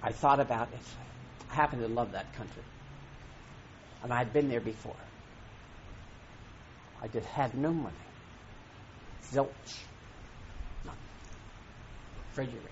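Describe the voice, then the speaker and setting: A man giving an inspirational talk to an audience, emphatic and preacherly, swinging between loud and soft. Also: medium pitch, measured pace, long pauses, dull audio, slight background noise. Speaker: spiritual teacher.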